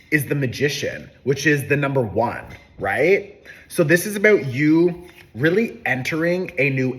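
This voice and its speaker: A man giving a casual, upbeat horoscope and tarot reading, talking loosely with plenty of fillers. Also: on the high side. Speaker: tarot reader.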